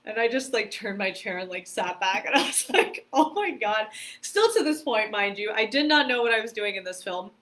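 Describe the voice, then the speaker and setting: A woman guest on a podcast, telling stories in a lively, casual way, laughing often and using many fillers. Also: medium pitch, normal speed. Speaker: podcast guest, karate competitor and stunt performer. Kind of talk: casual storytelling interview.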